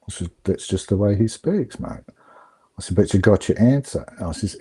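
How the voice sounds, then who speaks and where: A middle-aged man, telling stories in a relaxed, reflective way on a video call. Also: on the low side, a little fast, husky. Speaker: guest. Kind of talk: casual storytelling on an online call.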